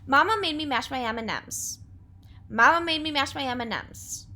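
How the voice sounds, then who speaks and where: High-voiced woman teaching a class. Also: normal speed, bright, forceful tone. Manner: clear, patient, encouraging teacher delivery. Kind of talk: remote class lesson.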